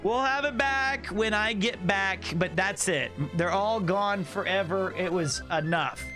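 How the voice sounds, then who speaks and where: A man's voice: sits high, unhurried, over music. A man livestreaming and chatting casually with viewers, playful and joking, swearing freely.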